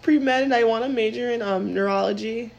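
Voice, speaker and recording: A woman's voice: a little high, brisk, creaky, poor audio. A young woman hosting her own podcast, chatting candidly and casually, swearing freely and saying "like" a lot. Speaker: podcast host. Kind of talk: casual solo podcast chat.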